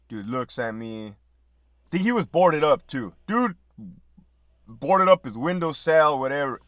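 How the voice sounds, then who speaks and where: A middle-aged man, a former prison officer, telling a profane, lively story in casual podcast talk. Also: medium pitch, normal speed, no room sound, clean studio sound, faint music behind. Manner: profane, animated storytelling with laughs and quoted dialogue.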